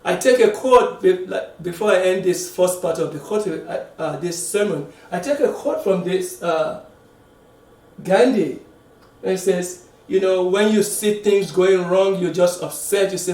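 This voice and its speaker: A man giving a sermon, halting and repeating words, dropping to a quiet voice to stress a point. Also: high-pitched. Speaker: preacher. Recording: echoey room, mic at a distance.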